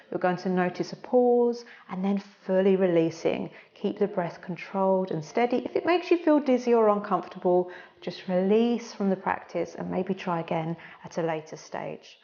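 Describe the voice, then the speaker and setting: A woman yoga instructor giving slow, calm, soothing breathing and stretching cues. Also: mid-range voice, lo-fi sound.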